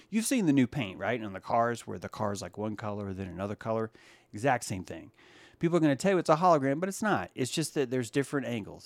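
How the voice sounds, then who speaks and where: An animated man hosts a casual livestream, his voice leaping high and loud when he mocks something, then dropping to low muttered asides. He talks straight to his chat viewers and greets them by name. The sound is dry and close to the mic. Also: no room sound. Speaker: livestream podcast host.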